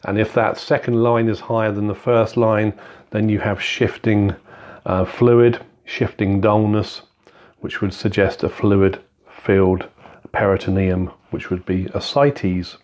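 Man as calm clinical tutor, low and steady, talking through each step. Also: measured pace. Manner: calm, methodical, step-by-step explaining. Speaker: clinical skills teacher. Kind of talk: instructional walkthrough.

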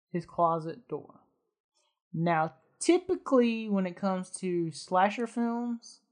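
A man in a casual podcast chat, recapping a film in a rambling way with many fillers and frequent laughs. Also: sits high. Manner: rambling, hesitant, laughs often. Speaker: podcast co-host.

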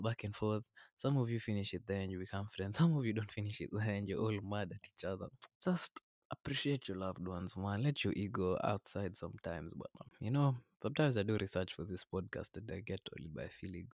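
A low, gravelly man hosts a reflective podcast monologue. He speaks earnestly and a bit preachily, calling his listener man and brother. The sound is close and dry, with no room around it. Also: a little fast, darkish tone, no room sound. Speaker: podcast host. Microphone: podcast microphone.

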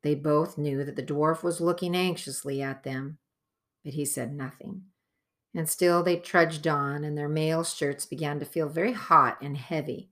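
Slow, low-voiced woman storyteller. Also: steady tone, fairly bright tone. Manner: measured storytelling. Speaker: audiobook narrator. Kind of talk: scripted narration.

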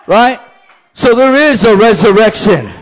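A man, a pastor, preaching a lively sermon with shouted call-and-response. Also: high voice, a little slow, low-quality recording.

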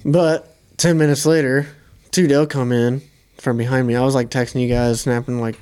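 A young man, co-host of a podcast, casually telling a hunting story in a relaxed, profane way. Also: medium pitch, moderate pace, smooth.

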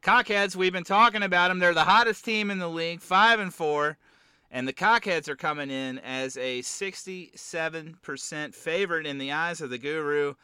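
A man's voice: fairly high pitch, moderate pace, bright, forceful tone, smooth, no room sound. A man hosting a casual sports chat, joking and wry as he rambles through the weekly moves. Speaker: podcast host. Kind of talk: casual fantasy football chat.

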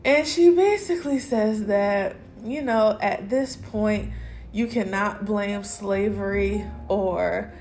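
A woman's voice: medium pitch, slow pace, a little mellow, soft background music. A woman hosting a podcast, recapping episodes alone in a casual chat, candid and opinionated with plenty of slang. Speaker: podcast host.

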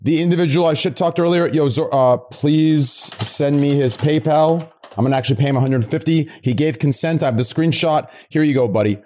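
A man streaming live, talking loudly and emphatically with a lot of swearing. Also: fairly high pitch, a little fast, few pauses. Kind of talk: casual live-stream chat.

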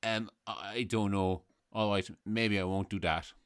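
A man's voice: fairly low pitch, fairly even intonation, unhurried, no room sound, clean studio sound, voice pushed down, lightly acted. A man doing a dreamy Irish poet in love. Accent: Irish, Sligo. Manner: wistful, speaks in poetic lines. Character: lovesick older male poet, dreamy, single-minded. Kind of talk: comedy sketch acting.

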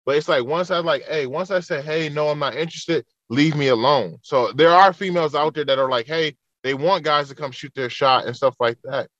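A man's voice: a little high, brisk, hardly any pauses, fairly bright tone, no echo, dull audio. A man in a casual podcast chat who swears freely and tells stories, acting out what people said. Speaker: podcast guest.

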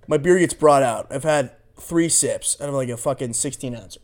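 A man's voice: mid-range voice, moderate pace, few pauses, darkish tone. A young man casually telling a rambling, profane story on a podcast. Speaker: podcast co-host.

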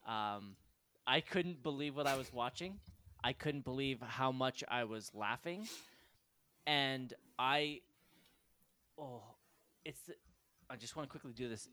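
Male podcast co-host, mid-pitched, gushing and profane, casual chat. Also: a bit bright. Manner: enthusiastic, swears freely. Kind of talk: casual film review chat.

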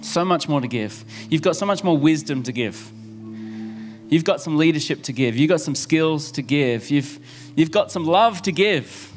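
A male pastor with a high voice preaches to his congregation, earnest and insistent, circling back to the same phrases. Soft music sits under his words. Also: animated, moderate pace. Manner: earnest, repeating key phrases for emphasis. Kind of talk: sermon. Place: church service.

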